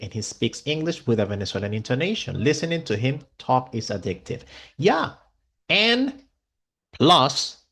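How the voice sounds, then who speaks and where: A male English teacher, a native Spanish speaker, giving an online class in an enthusiastic, expressive way. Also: mid-range voice.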